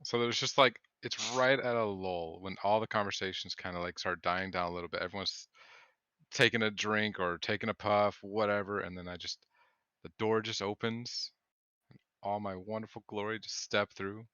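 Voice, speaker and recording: A man playing a tabletop game, talking in a relaxed way. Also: lowish voice, moderate pace, smooth, dry recording, highs cut off. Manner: relaxed, laughs easily. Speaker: player.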